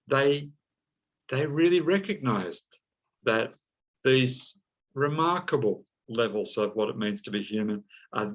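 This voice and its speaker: A man speaking as an interview guest, slow and reflective, with many pauses and fillers. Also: fairly low pitch, a bit bright, low-quality recording. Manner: slow, thoughtful, many ums and uhs. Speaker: psychologist and counseling teacher, guest.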